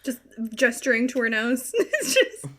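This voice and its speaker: High, slow-talking woman player. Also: very animated, bright, forceful tone. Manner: giggly, teasing banter.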